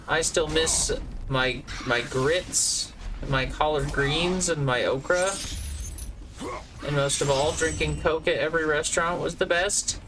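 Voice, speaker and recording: A man's voice: a little high, a little slow, background noise. Joking Southern-accented male streamer. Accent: Southern US (Georgia). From Georgia, US. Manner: jokey, rambling, chats with viewers. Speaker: game streamer. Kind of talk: casual live-stream chat.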